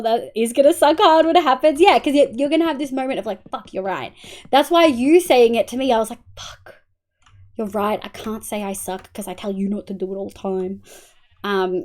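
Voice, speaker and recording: Her voice runs on the higher side. She's an Australian streamer playing a game and casually chatting with viewers, cursing, thanking them individually, alternately muttering under her breath and breaking out loudly.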